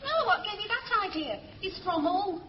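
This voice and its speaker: An actress playing a brisk, sharp-tongued young Northern English hairdresser with a Northern English accent in a vintage broadcast sitcom. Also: female voice, extremely high pitch, expressive, lo-fi sound. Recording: noisy echoey archive audio with audience.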